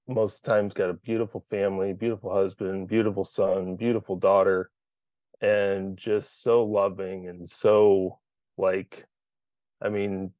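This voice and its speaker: A man sharing candidly in a support group meeting over a video call, swearing freely and thinking out loud. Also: lowish voice, no room sound, dull audio.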